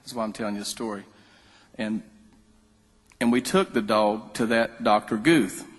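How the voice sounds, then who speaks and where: A man's voice: fairly low pitch, steady tone, normal speed. Guy on stage spinning folksy jokes, big hall echo. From North Carolina. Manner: folksy, joking storyteller. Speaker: musician on stage. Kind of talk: storytelling between songs. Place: concert venue. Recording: live hall reverb.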